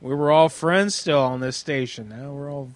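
A man's voice: medium pitch, moderate pace, dry recording. Laid-back man hosting a call-in show. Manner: laid-back, swears casually. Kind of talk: casual chat.

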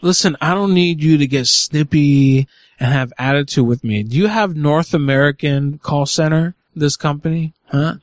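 A man hosting a live prank call show, brash and mocking, with loud outbursts and swearing. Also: a little high, moderate pace, dry recording.

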